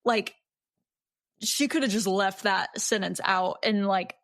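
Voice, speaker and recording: A woman's voice: medium pitch, slow pace, fairly bright tone, no room sound. A young adult woman, a guest on a podcast, chatting casually about a book, hesitant and full of ums. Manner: hesitant, lots of ums, laughs easily. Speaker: podcast guest, host's wife. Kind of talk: casual book-discussion chat.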